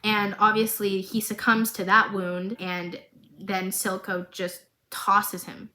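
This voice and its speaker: A young woman talks straight to her viewers in a casual vlog recap, her voice pitched in an ordinary middle range. She retells each scene dramatically and expressively, and keeps breaking off with chatty asides to the audience. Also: a bit bright, poor audio. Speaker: video creator recapping a series.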